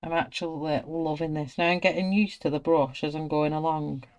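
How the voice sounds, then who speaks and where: A woman's voice: sits low, steady tone, normal speed, a little mellow. A middle-aged woman with a British accent, chatting casually and narrating her work as she colours. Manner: chatty, self-narrating, friendly. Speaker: colouring artist. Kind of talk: casual chat while colouring.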